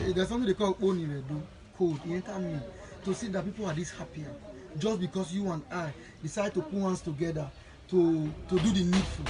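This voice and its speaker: Nigerian man with a high voice, earnest charity founder thanking and blessing supporters live. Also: poor audio. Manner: earnest, repetitive, blessing-giving. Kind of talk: live video address to supporters.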